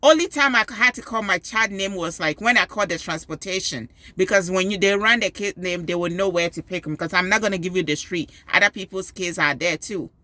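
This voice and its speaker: A woman and school parent telling a story with animated emphasis, giving advice in a personal video. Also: lowish voice, fairly quick, hardly any pauses, no room sound. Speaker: parent and PTO volunteer.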